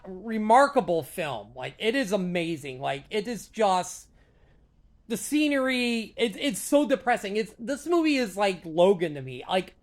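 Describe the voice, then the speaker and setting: A vlogger chatting casually on their own, rambling and hesitant with many restarts, earnest and openly emotional about films. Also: mid-range voice. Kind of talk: casual solo chat to camera.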